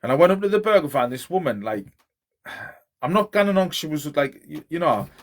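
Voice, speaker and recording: A man tells a long, rambling, sweary story in casual chat. His voice is on the high side and swings widely up and down. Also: big pitch swings, fairly quick. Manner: swearing, rambling anecdotes, laughing.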